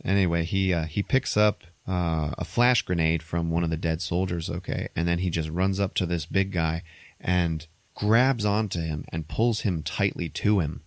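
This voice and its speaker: A man's voice: sits low, normal speed, dry recording. A man hosting a podcast, retelling a movie plot in a casual, profane way, laughing as he goes. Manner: profane, laughs through retelling, acts out characters' lines. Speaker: podcast host.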